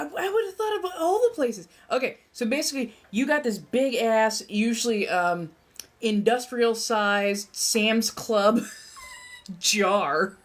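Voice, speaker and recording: A young American woman with a slight Southern accent, chatting casually and laughing with her livestream chat. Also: mid-range voice. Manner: animated, laughing, reacting to chat. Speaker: livestream host.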